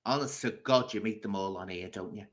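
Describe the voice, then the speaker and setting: A man's voice: lowish voice, fairly quick. A man hosting a casual livestream, bluntly scolding and answering viewers' comments. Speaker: livestream host.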